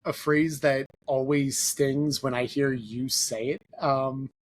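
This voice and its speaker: A man's voice: medium pitch, flat delivery, takes it slowly. A young man hosting a podcast, chatting casually with a guest. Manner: casual, conversational, some fillers. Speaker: podcast host. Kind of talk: podcast interview.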